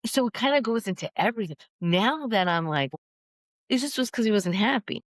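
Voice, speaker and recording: A middle-aged woman in casual chat, talking fast and acting out quoted voices. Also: on the high side, no echo. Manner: animated, acts out quoted voices. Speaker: podcast guest.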